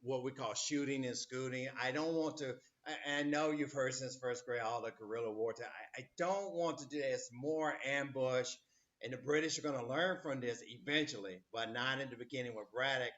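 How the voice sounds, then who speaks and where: A man's voice: medium pitch, moderate pace, a bit bright, highs cut off. A man teaching a history class, rambling with many fillers and acting out quotes as he lectures.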